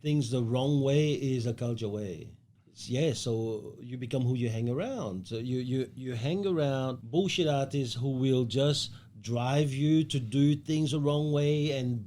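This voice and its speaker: A man's voice: medium pitch, a little mellow. A man hosting a casual podcast chat, talking emphatically and philosophically and swearing casually. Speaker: podcast host.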